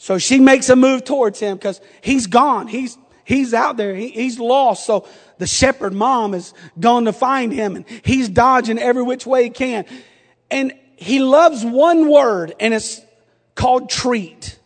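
Middle-aged pastor preaching, really high voice, long church echo around him. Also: male voice, a little slow. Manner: swings from quiet storytelling to shouted preaching. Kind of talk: sermon. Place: church sanctuary.

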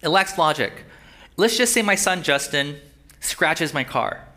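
A man delivers a sermon in a fairly high voice. His tone is bright and tense. He speaks conversationally and keeps checking in with his listeners. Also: expressive, measured pace. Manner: conversational, checks in with rhetorical questions. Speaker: pastor.

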